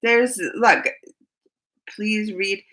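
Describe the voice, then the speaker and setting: A woman in her forties hosting a live stream, talking to her chat in an animated way and repeating herself as she calls chatters by name. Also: medium pitch, extremely slow, low-quality recording. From United States. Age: 40s.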